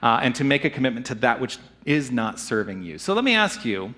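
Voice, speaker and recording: A male minister talks to his church congregation in a relaxed, upbeat way. His bright voice rises and falls a lot. He sounds conversational rather than formal. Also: medium pitch, fairly quick. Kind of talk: sermon with congregation sharing. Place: church sanctuary.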